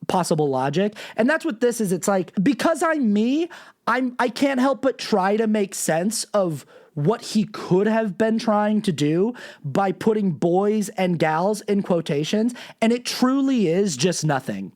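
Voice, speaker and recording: Animated, sarcastic male podcast host. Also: high-pitched, unhurried. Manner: animated, sarcastic, swears freely. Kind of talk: ranting political commentary.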